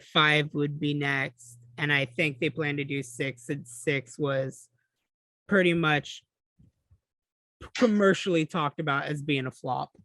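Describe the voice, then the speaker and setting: A man with a fairly high voice talks casually about games as a podcast co-host. He sounds relaxed and chatty, swears now and then, and is recorded dry and close with no room sound. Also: dry recording. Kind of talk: casual gaming chat.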